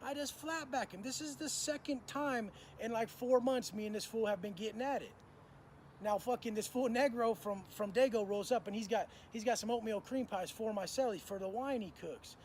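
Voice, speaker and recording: A man's voice: sits high, normal speed, a little mellow, slight background noise. A man telling prison stories in casual, profane street slang, acting out what people said. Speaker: storyteller recounting prison life. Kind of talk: casual storytelling monologue.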